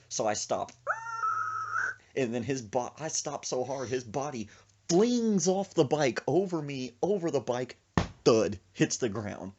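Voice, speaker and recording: A man's voice: mid-range voice, moderate pace, a little hiss or hum. A man hosting a podcast, telling a comic story with lots of laughter and acted-out voices. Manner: animated, laughing, acts out voices. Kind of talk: comedic storytelling.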